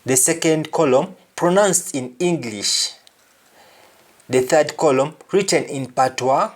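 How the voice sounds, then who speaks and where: A man giving a pronunciation lesson, speaking deliberately and saying each word twice to compare sounds. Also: on the high side. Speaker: language teacher.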